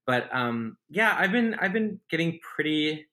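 A man's voice: a little high, very animated, a little slow, sharp tone. A man guesting on a podcast, laid-back and self-deprecating, talking casually and laughing often. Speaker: guest, stage performer. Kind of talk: casual interview chat.

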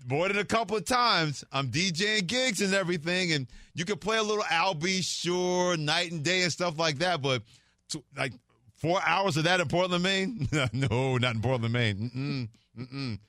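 A man's voice: on the high side, moderate pace, bright, forceful tone, no echo, clean studio sound. A middle-aged man hosting a sports radio talk show, telling stories animatedly and laughing easily. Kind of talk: casual radio chat. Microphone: studio microphone.

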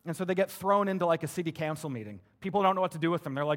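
Energetic pastor preaching a casual sermon. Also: male voice, a little high, rapid-fire. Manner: energetic, conversational preaching with rhetorical questions.

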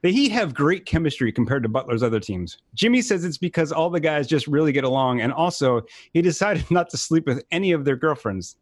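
A man's voice: on the high side, animated, brisk, few pauses, no echo. A man guesting on a podcast, reading jokes aloud and laughing through his lines while mocking himself. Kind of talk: casual chat, reading jokes.

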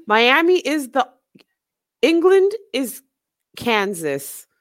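A woman's voice: sits high, very slow. A woman co-hosting a casual chat, brash and joking, with plenty of swearing. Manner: brash, animated, swearing jokes.

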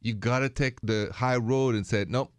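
A man's voice: mid-range voice, steady tone, normal speed, no room sound, studio quality. A man with a French accent co-hosting a relationship advice radio show, giving earnest, emphatic advice. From France.

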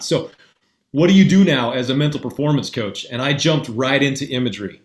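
A man's voice: medium pitch, brisk. A man, a mental performance coach, telling a story in a casual way and acting out both sides of the dialogue. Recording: roomy echoey sound.

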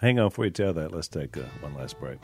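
A man's voice: a bass voice, lively intonation, fast, over music. A man co-hosting a podcast, chiming in with short comments during a casual chat. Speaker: podcast co-host.

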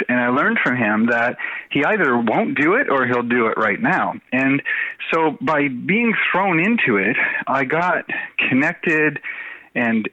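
Bright-voiced storytelling man from Canada. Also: mid-range voice, no room sound, muffled recording. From New Brunswick, Canada. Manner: animated anecdotal, heavy "you know" fillers. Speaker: podcast guest, tech CEO. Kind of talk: conversational storytelling.

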